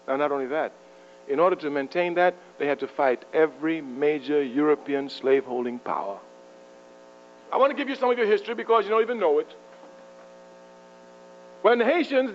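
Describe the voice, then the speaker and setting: Fiery high-voiced man giving a speech. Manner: fiery, rhetorical, chuckles at own jokes. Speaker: public speaker addressing university students. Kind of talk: impassioned political speech. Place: university lecture hall. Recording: muffled archival tape with mains hum.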